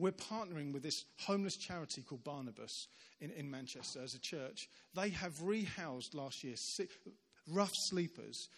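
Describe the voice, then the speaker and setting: Man preaching in a reverberant church hall. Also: a little high. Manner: animated storyteller acting out quoted voices. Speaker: visiting preacher. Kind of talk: sermon storytelling.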